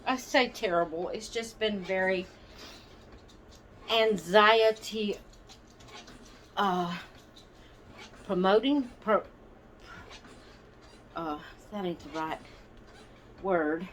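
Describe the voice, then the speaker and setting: A woman's voice: medium pitch, a bit bright, a little hiss or hum. A woman hosting her doll channel, chatting casually and apologetically with viewers from her rocking chair, rambling and searching for words. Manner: slow, rambling, apologetic, hesitant. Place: at home, seated in a rocking chair.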